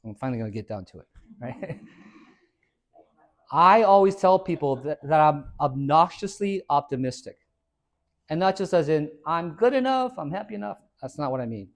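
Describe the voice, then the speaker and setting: A man's voice: a little high, moderate pace, pauses often. A middle-aged man, a fitness coach, giving a motivational talk to a small group in a salon, telling stories and acting out both sides of conversations with jokes. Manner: animated storyteller acting out dialogue, jokey. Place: hair salon, indoors.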